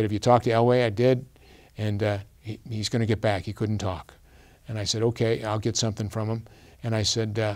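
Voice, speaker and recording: Earnest halting male speaker telling a story. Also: on the low side, a little mellow. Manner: earnest, halting, with many fillers and restarts. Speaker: guest speaker. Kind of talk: storytelling presentation.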